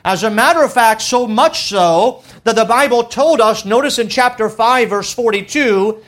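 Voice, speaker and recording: A man preaching a sermon as pastor of his church, reading scripture aloud and stressing key words by slowing down and dropping his voice low. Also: fairly bright tone. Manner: reads scripture in King James wording.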